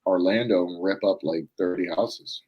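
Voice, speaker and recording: A man from Florida co-hosting a casual wrestling talk show, chatting in a relaxed, rambling way. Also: low voice, normal speed, dull audio. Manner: laid-back, rambling, mimics voices in a hushed tone. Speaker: podcast co-host. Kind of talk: casual chat.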